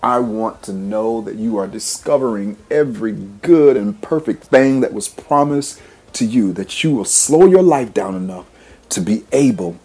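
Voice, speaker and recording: Man, low husky voice, mellow tone, rhythmic emphatic sermon, repeats lines. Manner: repetitive, rhythmic, emphatic preaching with affirmations. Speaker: podcast host and preacher. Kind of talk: motivational sermon.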